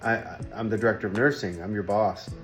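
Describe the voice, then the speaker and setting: A man quoting a stern, cool-headed woman who directs nursing, in his own lowered voice. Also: steady tone, fast, faint music behind, natural voice.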